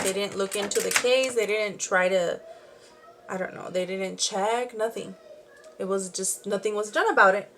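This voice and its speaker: A young woman with a medium-pitched, fairly bright voice rambles through a true crime story while doing her makeup at home, peppering it with "like" and side comments. She's a beauty and true crime vlogger, and there's a faint hiss or hum on the recording.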